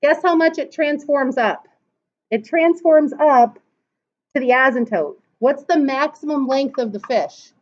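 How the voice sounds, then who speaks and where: At a measured pace and in a high voice, a woman teaches math, patiently demonstrating calculator steps in order. She asks the class questions throughout, and the classroom recording is dull and lo-fi.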